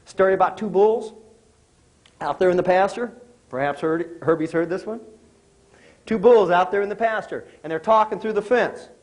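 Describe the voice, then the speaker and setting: A middle-aged man gives a motivational talk to a live audience, in a voice a bit higher than most men's. He speaks conversationally, asks the crowd questions and works jokes into his points. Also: normal speed, long pauses, darkish tone, low-quality recording.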